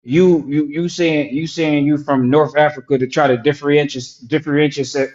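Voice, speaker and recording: A man's voice: fairly high pitch, steady tone, normal speed, a loud crowd. Confrontational New York man, muffled audio. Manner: confrontational, stammering repeats. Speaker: debate participant. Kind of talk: heated live online debate.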